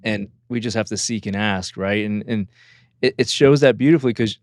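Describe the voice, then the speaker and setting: Smooth-voiced man hosting a faith show. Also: on the low side, normal speed, no echo, studio quality. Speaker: host. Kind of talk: faith talk show interview.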